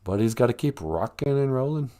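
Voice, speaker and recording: Here the livestream host speaks at medium pitch with lively intonation and a warm tone, going a little fast. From a small room at home, he rambles, jokes and thinks out loud, laughing frequently.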